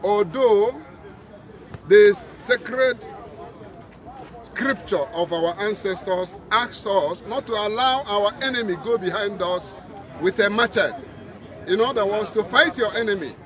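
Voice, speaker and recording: Male rally speaker, rousing and declamatory, high voice, clear crowd around him. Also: takes it slowly. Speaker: protest speaker. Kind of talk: rally speech. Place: outdoor street protest. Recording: crowd noise outdoors.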